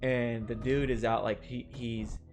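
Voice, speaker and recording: A man's voice: mid-range voice, little pitch movement, unhurried. Young guy streamer rambling thru a story, cusses a lot, game music playing under him. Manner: rambling, swears freely, laughs through stories. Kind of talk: casual storytelling while gaming.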